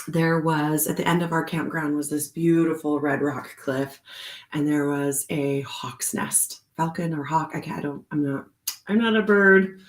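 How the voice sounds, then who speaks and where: A woman casually telling a personal story with many fillers, now and then jumping into a high voice to act out what she said. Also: roomy sound. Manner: chatty, many fillers, acts out quotes in a high voice. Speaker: host of a card reading channel.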